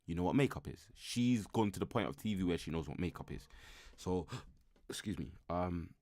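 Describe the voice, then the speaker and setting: A man's voice: low voice, expressive, normal speed, a little mellow, no echo. A man hosting a live reaction stream, commenting casually in a loose, slangy way and thinking aloud with frequent restarts.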